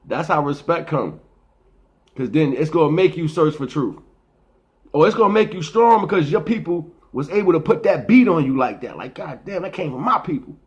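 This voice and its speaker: A man's voice: a little high, lively intonation, normal speed, a little mellow, highs cut off. A middle-aged man speaking in a rambling, preachy casual monologue, often repeating and restarting his words. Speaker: vlogger.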